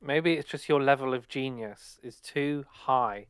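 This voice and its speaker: A man's voice: medium pitch, a little slow, smooth, no room sound, studio quality. A man co-hosting a podcast who jokes and teases the others in a wry, playful way. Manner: teasing, wry. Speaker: podcast co-host. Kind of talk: casual podcast banter.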